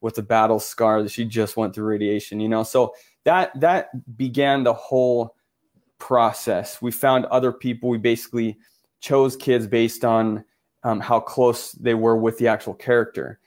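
A man's voice: mid-range voice, fairly even intonation, moderate pace, a little mellow. A man from Utah, a photographer guest in an interview, telling his story earnestly with many restarts and filler words.

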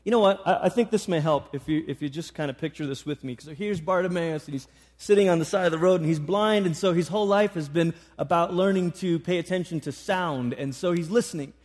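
A man's voice: a little high, brisk, darkish tone. A man preaching a sermon, retelling a story with frequent restarts.

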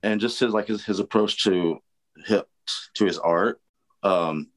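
A man's voice: lowish voice, a little slow. A man who fronts heavy bands, a podcast guest who talks hesitantly with many ums and likes. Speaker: podcast guest, band vocalist. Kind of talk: casual interview chat.

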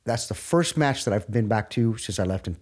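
A man's voice: lowish voice, lively intonation, brisk, darkish tone, slightly rough. A middle-aged man, a wrestling guest, telling stories in an enthusiastic, rambling way during a casual interview.

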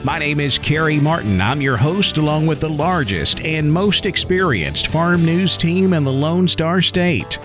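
A man's voice: on the high side, animated, a little slow, few pauses, music in the background. A man hosting a radio farm news show, delivering the script in a folksy, enthusiastic way.

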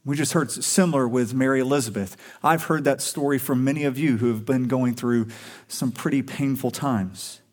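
A man's voice: mid-range voice, normal speed, a little mellow. A male pastor preaching a sermon to a congregation in a conversational, earnest way, pushing up for emphasis on key points.

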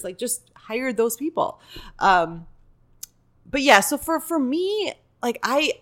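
A woman's voice: mid-range voice, a bit bright. Podcast guest: woman, improviser, candid and rambling, acts out quoted voices, casual conversational delivery. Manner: chatty, digressive, many fillers like "like" and "you know"; acts out quoted voices while telling stories.

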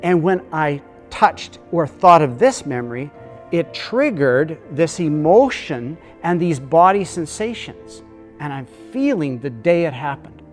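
A man's voice: a little high, big pitch swings, measured pace, soft background music. A man explaining emotional memory and trauma, earnest and storytelling. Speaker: teacher.

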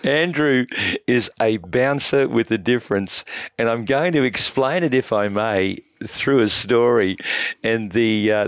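A man's voice: medium pitch, a little slow, clean tone, dry recording, clean studio sound. A man hosting a casual podcast interview, chatty and prone to laughing and telling stories. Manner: chatty, laughs often, storytelling. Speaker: podcast host.

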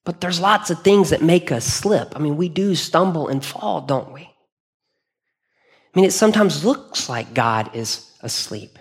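A man's voice: a little high, animated, normal speed, few pauses. A man preaching a sermon in a church, speaking earnestly in a conversational way and often restarting his phrases. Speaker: pastor. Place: church hall.

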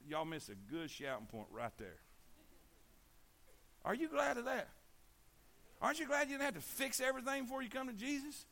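Preaching about sharing the gospel, this man has an extremely high, pushed and bright voice, very animated at a normal speed with frequent pauses. He hammers points home by repeating words and calling for replies from the congregation.

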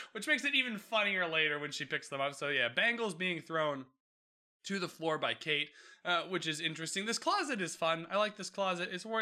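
Animated bright-voiced man recapping a show. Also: sits high. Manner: animated, swearing, acting out characters. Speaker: podcast host. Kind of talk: casual recap commentary.

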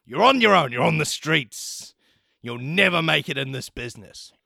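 A man's voice: a little high, lively intonation, moderate pace, gravelly, sharp tone, slightly rough, no room sound, clean studio sound, full character voice. A man putting on the voice of a stern, blustering male school principal who scolds a student. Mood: scolding.

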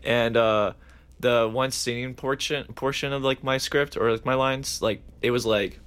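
A man's voice: medium pitch, fairly even intonation, moderate pace, a bit bright, smooth. A young man, a theatre student, chatting casually in an interview and saying "like" all the time. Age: young adult. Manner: chatty, says "like" constantly.

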